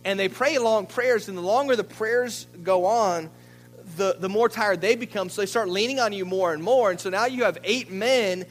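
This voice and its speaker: High-voiced male pastor telling a story. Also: normal speed, soft background music, rough recording. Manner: lively storyteller, stumbles and repeats words. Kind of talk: sermon. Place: church.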